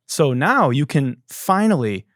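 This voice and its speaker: Man, comedy podcast host, swearing, rambling, very lively pitch, dry close sound. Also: a little slow, no echo. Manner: profane, rambling, animated.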